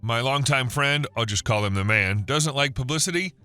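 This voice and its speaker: A man narrating a scripted first-person story in an even storytelling manner. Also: mid-range voice, normal speed, faint music behind.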